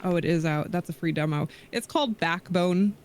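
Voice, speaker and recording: A man's voice: sits high, moderate pace, slight background noise. A man appearing as a guest on a live stream, chatting easily and hesitating with fillers as he thinks. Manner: easygoing, hesitant, many ums and self-corrections. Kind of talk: casual live-stream chat.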